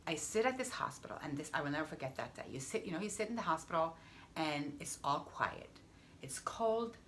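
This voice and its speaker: A woman's voice: low voice, animated, fast talker. Woman, health coach, personal storytelling, emphatic, repeats phrases, faint background noise. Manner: emphatic, repeating phrases, dropping to a hush for effect.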